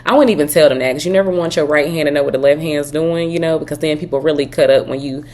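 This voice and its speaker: Low-voiced woman giving emphatic advice. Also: fast, a little mellow. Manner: emphatic, advising, talking straight to viewers. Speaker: host reacting to a story. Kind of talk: reaction commentary.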